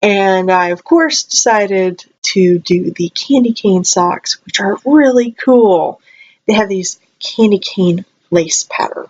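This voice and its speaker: A young woman vlogger rambling casually, her voice jumping high when excited, her throat a little dry. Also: slow. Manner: chatty, rambling, animated with sudden high jumps. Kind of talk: casual chat. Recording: slightly dull lo-fi audio.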